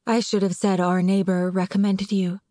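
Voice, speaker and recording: A woman narrator voicing a glum, blunt young woman who talks in a flat, matter-of-fact way. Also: mid-range voice, moderate pace, no room sound, clean studio sound, natural voice. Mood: insistent.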